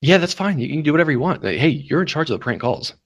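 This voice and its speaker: A man hosting a prank-call show, talking fast and teasing, with profanity. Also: on the high side, expressive, dry recording. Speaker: host. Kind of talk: casual chat.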